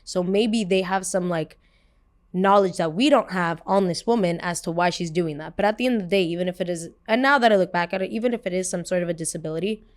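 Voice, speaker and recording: A young woman hosting a podcast, telling a personal story in a casual, animated way, swearing freely and filling her talk with "like.". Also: fairly low pitch, quick pace. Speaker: podcast host.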